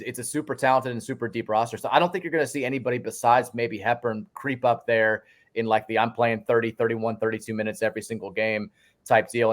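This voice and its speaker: A man, a guest sports writer, talking college basketball in a casual podcast chat, telling stories with many restarts. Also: medium pitch. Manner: animated storyteller, many restarts.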